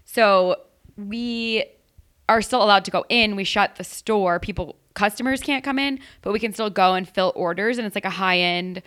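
Young woman, casual chatty co-host, mid-range voice, quick asides with easy laughter. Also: mid-range voice, a bit bright. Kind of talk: casual chat.

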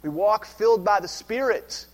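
A man preaching a sermon as a pastor, swinging between loud emphasis and hushed lines. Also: high-pitched, normal speed, long reverb tail.

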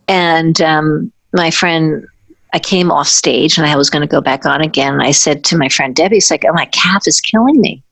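Low-voiced woman telling a personal story. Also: fairly even intonation, vocal fry, fairly bright tone, dry recording. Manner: halting storytelling with restarts, acting out the people she quotes. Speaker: former ballet dancer recounting her career. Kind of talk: personal anecdote.

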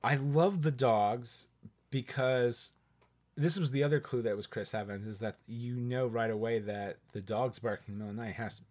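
A man co-hosting a podcast, chatting casually about a movie and lively about it. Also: mid-range voice, normal speed. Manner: lively, acts out quoted lines. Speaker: podcast co-host.

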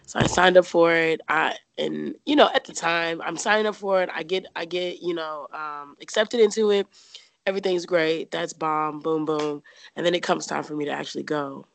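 A woman's voice: sits low, steady tone, moderate pace, vocal fry, no room sound. A young woman from the United States casually telling a personal story as an interview guest, chatty, with many fillers and frequent laughs.

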